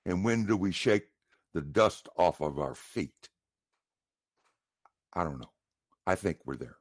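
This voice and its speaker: A man's voice: low-pitched, lively intonation, takes it slowly, dry recording, clean studio sound. A man calling in to a talk show, speaking earnestly and with emphasis. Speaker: caller.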